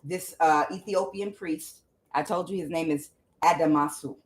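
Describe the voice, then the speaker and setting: With a deep voice at normal speed, a woman does a casual tarot reading. She doesn't mince words, swearing as she goes and speaking aloud to the Holy Spirit.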